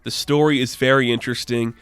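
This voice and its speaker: A man's voice: medium pitch, fairly even intonation, fast talker, a bit bright, smooth, no room sound. A man giving a casual, enthusiastic spoken review of a comic book, full of "like" fillers. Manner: chatty, enthusiastic, frequent "like" fillers.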